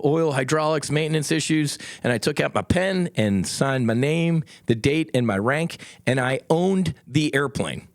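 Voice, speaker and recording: A middle-aged man hosts his own podcast from a studio, holding forth in a blunt, combative way and swearing freely. His pitch leaps up and drops low as he mocks and argues. The sound is dry and close. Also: no room sound. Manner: blunt, combative, profane, folksy asides to listeners. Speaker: podcast host, former Navy fighter pilot. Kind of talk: solo podcast commentary.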